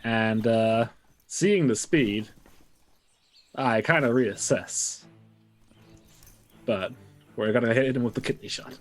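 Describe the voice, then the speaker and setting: A man at a tabletop game talks through his character's actions casually. He is playful and quick to joke. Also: medium pitch, faint music behind. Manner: joking, playful. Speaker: player.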